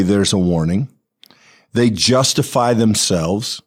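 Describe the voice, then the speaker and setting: A man co-hosting a Bible study, laying out his points in a measured, step-by-step way. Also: fairly low pitch. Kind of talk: conversational Bible study discussion.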